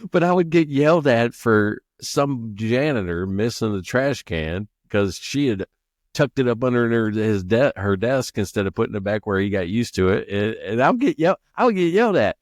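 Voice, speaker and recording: A man's voice: medium pitch, expressive, normal speed, no room sound, clean studio sound. A man co-hosting a podcast in casual chat, laughing often and stumbling over restarts as he tells stories. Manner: laughs often, stammers and restarts, acts out quoted people. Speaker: podcast co-host.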